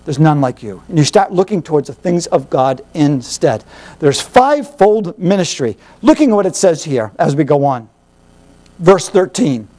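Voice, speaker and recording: A Bible teacher with a very high, slightly mellow voice delivers a sermon. His pitch swings widely as he teaches, and he hammers each point home with rhetorical questions and repetition.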